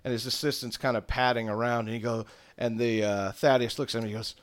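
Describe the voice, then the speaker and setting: A man's voice: mid-range voice, level tone, quick pace. A man running a tabletop game as game master, narrating in a loose, rambling way.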